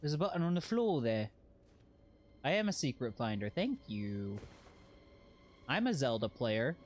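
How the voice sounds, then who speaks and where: A man's voice: mid-range voice, sing-song, unhurried, darkish tone. A man streaming a video game, joking with chat and repeating phrases in mock panic. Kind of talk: casual gameplay commentary.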